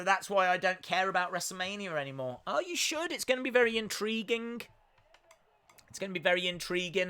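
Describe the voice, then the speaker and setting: A young British man chatting excitedly as he live-streams his reactions to a show. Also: high-pitched, clear, resonant tone. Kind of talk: live watch-along commentary.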